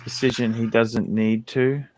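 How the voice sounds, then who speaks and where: A man's voice: mid-range voice, little pitch movement, a little slow, a little mellow, a little hiss or hum. A man hosting a casual livestream panel chat, jovial and reading out viewer super chats over a video call. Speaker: livestream host.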